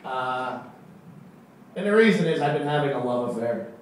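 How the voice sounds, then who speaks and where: A man doing a stand-up comedy set on a club stage, deadpan and halting, with many fillers. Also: medium pitch. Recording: echoey room, far from the mic, faint crowd noise.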